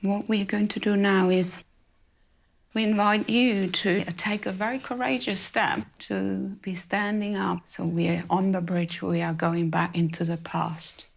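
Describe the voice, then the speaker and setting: Gravelly-voiced woman gently guiding a group. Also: medium pitch, fairly even intonation. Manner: gentle, slow and reassuring. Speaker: workshop facilitator. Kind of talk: guiding a group healing session.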